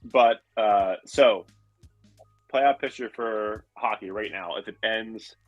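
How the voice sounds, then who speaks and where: A man in his thirties co-hosting a sports podcast in relaxed casual chat. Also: lowish voice, slow pace, muffled recording, soft background music. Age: 30s. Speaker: podcast co-host.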